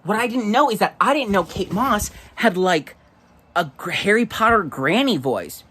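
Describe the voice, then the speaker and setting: A man hosting a casual solo monologue. He is campy and swears freely, and sometimes breaks into shrill mock voices. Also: expressive, normal speed, sharp tone, husky. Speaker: podcast host.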